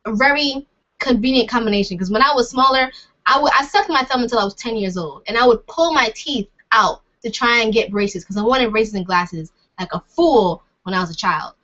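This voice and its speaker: Responding to comments from viewers, this young woman speaks a little quickly in a high, fairly bright voice with lively intonation. She rambles casually, jokes at her own expense, and laughs a lot, all over dull lo-fi audio.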